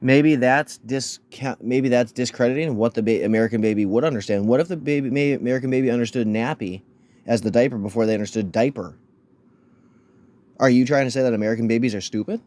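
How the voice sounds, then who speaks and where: A man's voice: mid-range voice, fast, a little mellow. Guy ranting sarcastic in his reaction vid, crude and mocking, keeps repeating himself. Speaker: reaction video host. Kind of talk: casual reaction commentary.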